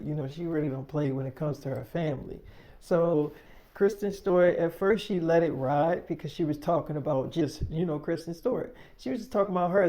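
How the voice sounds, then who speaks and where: A man's voice: on the high side, warm tone. A young man telling a story casually, rambling with lots of fillers and swearing.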